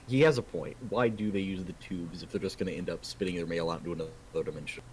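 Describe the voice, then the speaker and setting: A man's voice: low-pitched, a little hiss or hum. A man streaming a video game, chatting casually and animatedly, laughing often. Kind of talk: casual gaming chat.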